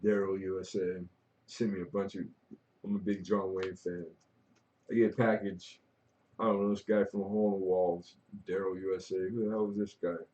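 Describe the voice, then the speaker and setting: A man's voice: sits low, little pitch movement, moderate pace, mellow, muffled recording. A middle-aged man hosting a livestream, talking candidly and casually, rambling and swearing freely. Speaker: livestream host.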